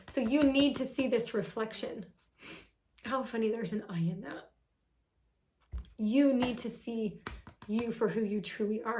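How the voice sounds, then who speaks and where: A woman's voice: a little high, unhurried, darkish tone, a little hiss or hum. Affectionate woman giving a tarot reading. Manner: emotional, affectionate, gushing, sighing "whew". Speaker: tarot card reader. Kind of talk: casual tarot reading to camera.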